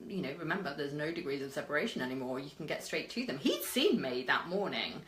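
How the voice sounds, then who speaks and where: A British woman with a low-set but bright, clear voice that swings widely in pitch as she tells her story. She talks in a chatty vlog style, full of fillers and asides, and the room around her has a noticeable echo. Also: sing-song, fast. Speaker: marketing coach. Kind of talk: casual advice vlog.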